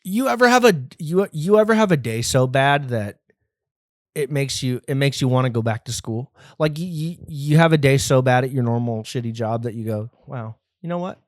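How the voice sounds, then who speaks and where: A man's voice: mid-range voice, moderate pace, no room sound, clean studio sound. A man hosting a comedy podcast alone, rambling and profane in a self-deprecating way. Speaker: podcast host. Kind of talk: solo comedy podcast monologue.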